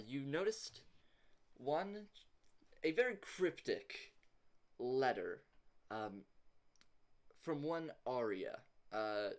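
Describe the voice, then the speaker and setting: Slow, easygoing male game master for a tabletop game on a voice call, mid pitch, rambling delivery with a chuckle here and there. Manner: laid-back, rambling, chuckles often. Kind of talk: running a tabletop game online.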